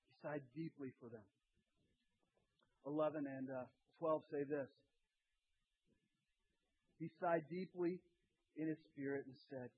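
A middle-aged man preaching a sermon as pastor, lively and acting out voices of the people in his story. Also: fairly high pitch, measured pace, pauses often, breathy edge. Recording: tinny phone-like sound.

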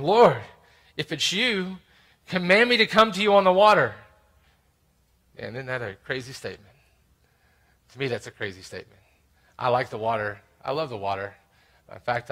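A man preaching a sermon, swinging between loud exclamations and quiet, intimate asides. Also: mid-range voice. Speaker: pastor.

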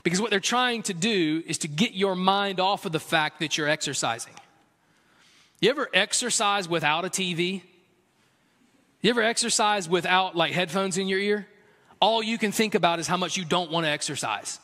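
A man with a high, bright voice preaches a sermon, talking to the congregation like he would to friends and getting animated as he tells stories. His voice rings out with a long hall reverb, and soft music sits underneath. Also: moderate pace. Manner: conversational, builds to animated storytelling with a raised, excited voice. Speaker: pastor.

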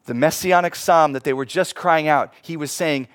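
A man preaching a sermon, swinging between hushed, slow passages and loud, emphatic ones. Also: fairly high pitch, clean tone, no echo, studio quality. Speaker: pastor.

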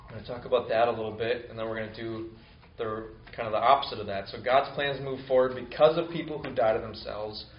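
A man giving a sermon, reading scripture aloud and then explaining it in a relaxed, conversational way with fillers. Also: medium pitch, fast talker. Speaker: pastor. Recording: roomy, slightly dull sound with faint ambience.

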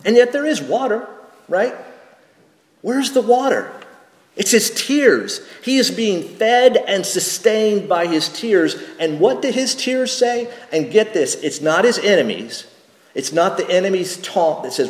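A man, a pastor, preaching a sermon slowly and deliberately, with rhetorical questions and small restarts. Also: sits high, animated. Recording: echoey church hall with long reverb.

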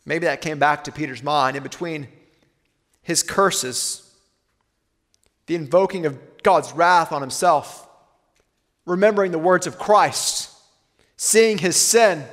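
Male pastor, high voice, earnest sermon delivery, reverberant church hall. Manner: earnest, slows and softens for weighty lines.

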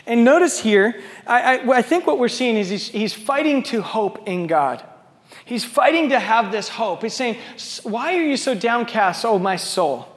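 A male pastor with a high, light voice delivers a conversational sermon. He drops to soft, near-quiet stretches and then swells loud and emphatic. The sound carries a long reverb tail from a large hall. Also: expressive, measured pace. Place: church sanctuary with a small live audience.

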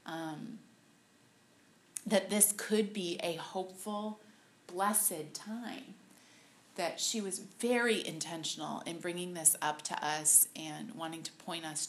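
A woman giving a personal faith testimony to a group, halting and softly emotional, with many pauses and fillers. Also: lowish voice, a little hiss or hum. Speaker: speaker at a women's ministry talk.

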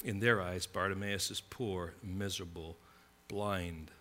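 A man preaching a sermon in a dramatic way, asking the listeners questions and swinging from loud cries to hushed, low passages. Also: steady tone, measured pace.

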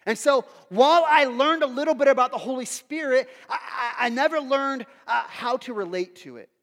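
High-voiced pastor in an echoing hall. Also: male voice, moderate pace. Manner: animated storytelling with acted quotes. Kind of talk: sermon. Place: church hall. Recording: long hall reverb.

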